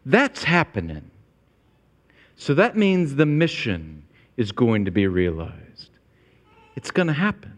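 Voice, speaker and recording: A man preaching a sermon as pastor, with an emphatic, repetitive cadence that climbs higher in pitch when he stresses a point. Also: wildly swooping pitch, slow pace, pauses often, long reverb tail.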